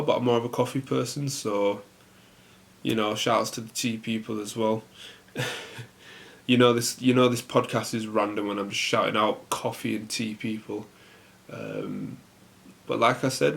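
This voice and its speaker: A young man hosting a casual solo podcast, rambling in a relaxed way with lots of fillers. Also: on the low side, vocal fry. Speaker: podcast host.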